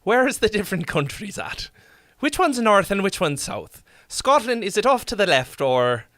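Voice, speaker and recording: A man's voice: high voice, very animated, normal speed, fairly bright tone, no room sound, studio quality. A man chatting casually on a live stream, swearing freely and joking as he rambles. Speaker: streamer and song critic.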